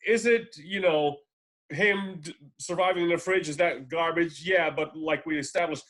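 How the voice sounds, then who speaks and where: A man co-hosts a podcast over a remote call, chatting casually in a rambling, profane way full of fillers and restarts. His voice is on the high side and fairly bright, at a moderate pace.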